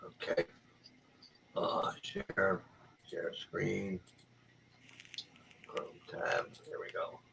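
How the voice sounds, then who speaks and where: A man on a video call from home late at night, halting and clearing his throat with a frog in his throat. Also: deep voice, very animated, background noise. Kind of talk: casual chat on a call.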